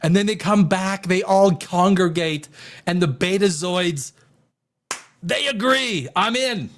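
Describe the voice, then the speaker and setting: A man hosting a live stream, ranting in a casual, crass and excitable way and laughing often. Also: sits high, slow. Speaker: live show host.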